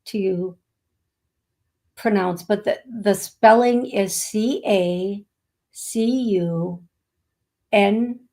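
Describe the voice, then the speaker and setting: A woman hosting a live psychic reading stream, talking slowly and affectionately to viewers, with many fillers while she reads comments. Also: medium pitch, warm tone. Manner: slow, soothing, affectionate. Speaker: psychic medium host.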